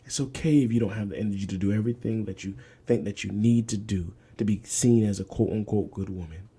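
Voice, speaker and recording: A man's voice: fairly low pitch, fast talker, dark tone, breathy edge. A young man hosting a podcast, preaching emphatically, repeating phrases and dropping to whispers. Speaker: podcast host. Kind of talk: preaching-style podcast talk.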